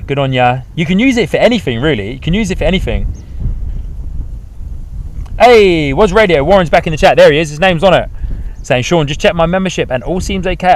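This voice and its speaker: A young man hosting a live stream, chatting casually and rambling with lots of fillers, outdoors at an airport. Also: on the high side. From New Zealand. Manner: rambling, hesitant, friendly chatter with many fillers. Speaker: livestream host.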